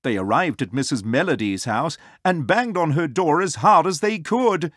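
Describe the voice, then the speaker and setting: Storybook narrator, children's read-aloud, lively pitch, dry close sound. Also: normal speed, no room sound. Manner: expressive, sing-song.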